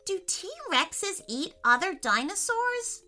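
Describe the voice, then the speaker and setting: Woman doing a very high, anxious little girl. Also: very animated, slow, bright, forceful tone, faint music behind, full character voice. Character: anxious cautious young girl.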